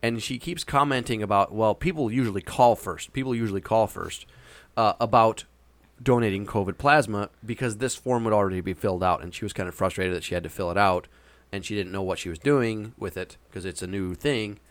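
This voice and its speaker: Rambling man with a low, dry voice. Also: a little fast, fairly bright tone, no room sound. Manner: rambling, hesitant anecdote telling. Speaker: storyteller. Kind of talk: casual chat.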